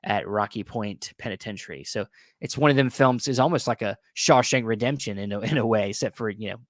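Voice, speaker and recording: Man, low voice, casual vlog talk, rambling with restarts, slightly worn voice, dry close sound. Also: fairly quick, dry recording. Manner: rambling, many restarts and fillers, enthusiastic. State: losing his voice. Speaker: video host reviewing Blu-ray purchases.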